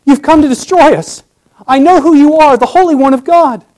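A man voicing a cowering demon who begs for its life in high, loud, pleading cries. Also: moderate pace. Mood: fearful pleading. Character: terrified demon begging for its life.

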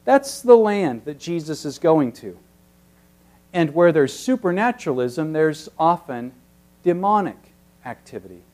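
A man's voice: on the high side, sing-song, measured pace. Man preaching a verse-by-verse sermon. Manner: teacherly, rising to emphatic peaks then dropping very soft. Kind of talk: expository sermon.

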